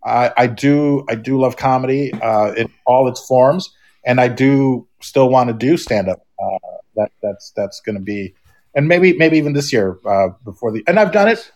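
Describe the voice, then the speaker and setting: A man's voice: medium pitch, moderate pace, darkish tone. A middle-aged man, a podcast guest, talking casually and rambling, with many restarts and fillers. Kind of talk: casual chat.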